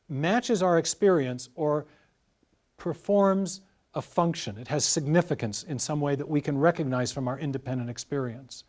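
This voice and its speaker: A man as an interview guest, explaining carefully in a measured, lecturing way with worked examples. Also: a little high, darkish tone. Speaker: guest scientist.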